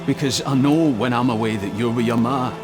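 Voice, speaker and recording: An actor playing a loving father who reassures his daughter softly. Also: mid-range voice, brisk, lightly acted. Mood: tender. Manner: soft, reassuring. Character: gentle, loving Scottish father of a diver. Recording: game music and rain behind.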